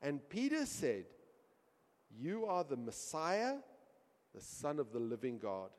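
A man's voice: a little high, wildly swooping pitch, slow. Preaching man in a reverberant hall. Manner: swings from quiet asides to loud emphatic storytelling. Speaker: pastor. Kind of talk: sermon.

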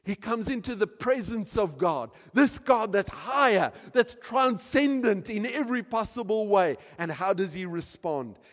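A man preaching a sermon with emphatic delivery, rising to loud peaks and dropping to soft, quiet passages. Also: high voice, lively intonation, measured pace, few pauses. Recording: long hall reverb.

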